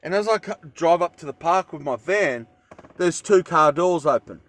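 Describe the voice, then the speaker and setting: A man's voice: fairly high pitch, lively intonation, normal speed, fairly bright tone, no room sound. An Australian man telling a story in a casual vlog, rambling with fillers and self-corrections. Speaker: vlogger.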